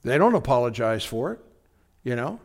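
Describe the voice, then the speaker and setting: Here a pastor delivers his sermon conversationally in a mid-range voice that swings widely in pitch, at normal speed. He frequently checks in to ask if his congregation is following along.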